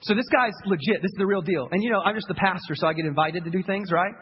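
A man preaching a sermon as a pastor, telling a story in an animated way, repeating words and acting out the people he quotes. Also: high voice, fast, breathy edge. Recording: dull audio with long hall reverb, faint noise.

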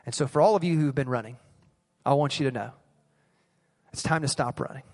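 A man's voice: medium pitch, brisk, pauses often, darkish tone, in a large hall. A man preaching a sermon as pastor, earnest and pleading, repeating phrases for emphasis. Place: church service.

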